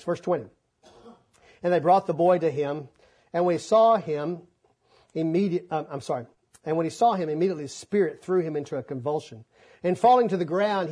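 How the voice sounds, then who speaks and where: Male preacher, fairly high husky voice, folksy and animated, acts out scripture. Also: a little fast. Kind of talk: sermon.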